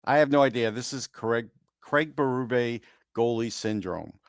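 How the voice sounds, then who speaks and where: A man's voice: mid-range voice, a little slow, clean tone, no echo, studio quality. A man co-hosting a podcast in casual sports chat, opinionated and teasing, laughing easily. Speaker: podcast co-host.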